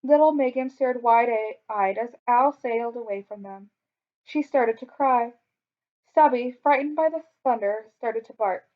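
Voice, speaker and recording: A woman reading a children's story aloud in a clear, expressive way. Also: fairly high pitch, a little slow. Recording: dull lo-fi recording.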